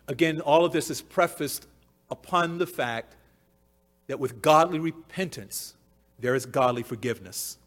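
High-pitched guy preaching, repeats stuff for emphasis, gets loud then goes real quiet. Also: unhurried. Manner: emphatic, repeats key phrases, swings from loud to hushed. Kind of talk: sermon.

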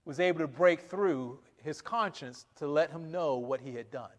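High voiced preacher guy, lively, acts out the lines, lots of reverb. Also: normal speed. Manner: animated, acts out quoted lines with laughs. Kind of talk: sermon.

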